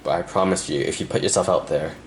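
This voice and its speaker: A young man doing a pick-a-card tarot reading, talking softly and earnestly to the viewer with pauses, and emotional at times. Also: low-pitched, fairly even intonation, a little hiss or hum. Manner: soft, earnest, speaks directly to the viewer with pauses. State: emotional, close to tears. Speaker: tarot reader.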